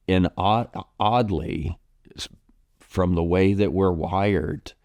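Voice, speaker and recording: Low-voiced pastor answering questions gently. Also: male voice, dry recording, studio quality. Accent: American. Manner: gentle, reflective, with frequent ums and restarts. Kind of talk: pastoral Q&A talk.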